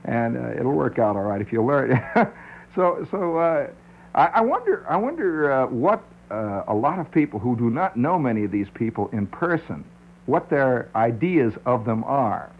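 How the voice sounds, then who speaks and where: A man's voice: medium pitch, big pitch swings, moderate pace, breathy edge. A male radio talk show host musing in a wry, digressive monologue, often laughing at his own points, on a dull old radio recording. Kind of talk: rambling conversational monologue.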